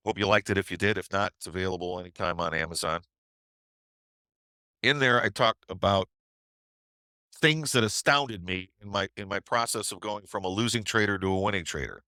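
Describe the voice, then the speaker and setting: A middle-aged man tells a trading story on a webinar in a loose, conversational way and often checks in with "right?". His voice is low and forceful. The sound is dry and close. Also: normal speed, long pauses, smooth, no room sound. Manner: conversational, with tag questions. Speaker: trading educator.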